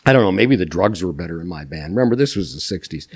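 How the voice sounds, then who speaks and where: An older man from Minnesota, a podcast guest telling animated anecdotes with chuckles. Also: sits low, fast talker, breathy edge. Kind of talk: storytelling interview.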